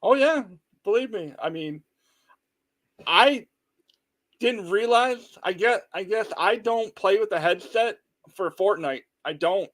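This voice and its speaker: High-voiced easygoing male host. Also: takes it slowly, long pauses. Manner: easygoing, laughs often, relaxed parent talk. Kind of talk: casual chat.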